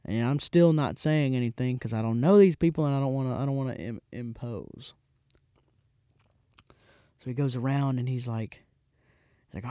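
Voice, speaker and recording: A man's voice: medium pitch, normal speed, pauses often, clear, resonant tone, dry recording. Dry-voiced young man telling a rambling story. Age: 20s. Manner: rambling, with frequent restarts and animated quoted voices. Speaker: podcast host. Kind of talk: casual storytelling.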